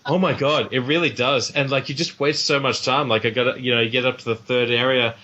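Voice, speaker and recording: Bright-voiced Australian man, rambling guest. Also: mid-range voice, steady tone, fairly quick. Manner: rambling, self-deprecating, many restarts. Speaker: podcast guest. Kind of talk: casual podcast chat. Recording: dull lo-fi audio.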